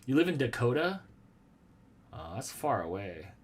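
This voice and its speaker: A man chats on a live stream from a small room at home. His voice sits at an ordinary middle pitch. He rambles playfully, answers his viewers and makes jokes about himself. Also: big pitch swings, unhurried, breathy edge. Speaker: vlogger hosting a live stream. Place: small room at home with a red wall and lava lamps.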